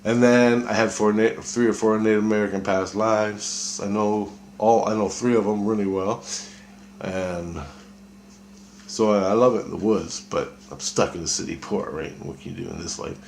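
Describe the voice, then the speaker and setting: A deep, low-pitched man telling a long personal story to camera. He talks loosely and profanely, often trails off mid-thought, and is backed by a faint ambient hum. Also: steady tone, normal speed, vocal fry, echoey room. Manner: casual, profane, trailing off with fillers. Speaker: vlogger. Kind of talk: rambling personal monologue.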